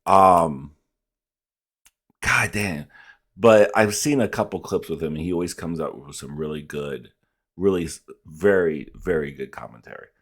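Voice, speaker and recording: A man's voice: deep voice, unhurried. A man hosting a reaction video, talking in a blunt, profane, casual way.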